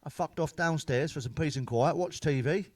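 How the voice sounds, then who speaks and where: A middle-aged British man telling crude, sweary one-liner jokes in a deadpan stand-up monologue. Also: fairly high pitch, moderate pace, no room sound. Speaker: stand-up comedian.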